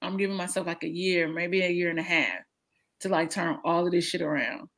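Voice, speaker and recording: A woman in her thirties chatting casually over a video call, blunt, profane and animated, often laughing. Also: lowish voice, brisk. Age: 30s. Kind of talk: casual chat.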